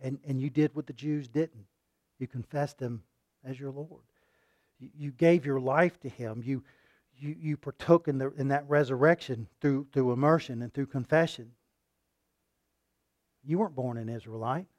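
A man preaching a sermon, rising to loud emphatic peaks and dropping to quiet asides, asking his listeners questions and repeating words for emphasis. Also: mid-range voice, normal speed, long pauses, no echo, studio quality.

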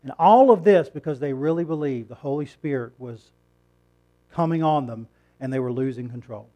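A middle-aged man, a pastor, preaches a sermon in a conversational style, building to emphatic points and putting questions to the congregation. His voice is mid-range and mellow, and he moves at a moderate pace.

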